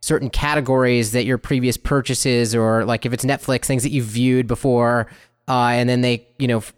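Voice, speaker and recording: A man's voice: mid-range voice, steady tone, moderate pace, clear, resonant tone. A man co-hosting a casual discussion podcast, thinking aloud with plenty of fillers and acting out little inner voices. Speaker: podcast co-host.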